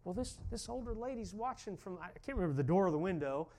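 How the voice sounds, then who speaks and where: A man's voice: high voice, animated, fast talker, mellow. A pastor preaching a sermon, telling a story and then building to fervent, emphatic calls to his congregation.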